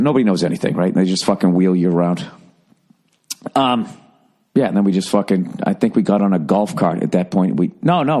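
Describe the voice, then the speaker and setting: A man's voice: on the low side, darkish tone. A man in his forties, a comedian hosting his podcast, telling a rambling, profane story in a sarcastic, casual monologue. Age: 40s.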